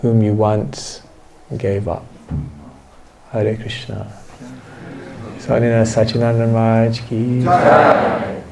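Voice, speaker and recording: A man giving a devotional seminar talk, soft and reflective, reading a passage and then commenting on it. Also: lowish voice, completely flat delivery, takes it slowly, creaky, long pauses, heavy background noise. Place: indoor seminar hall.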